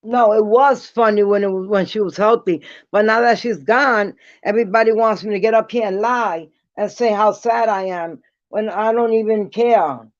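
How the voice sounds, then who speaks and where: A woman ranting bluntly to her viewers in a casual vlog, defiant and dropping quick apologies. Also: medium pitch, dry recording. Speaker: vlogger. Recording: dull lo-fi dry sound.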